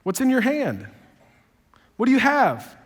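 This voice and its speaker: A man with a high-pitched voice delivers a sermon, emphatic and swinging between quiet low passages and loud raised ones. He throws in sarcastic, joking asides. His voice carries a long reverb, as if he is in a large church auditorium. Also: huge pitch swings, a little slow. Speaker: pastor. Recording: long reverb of a big hall.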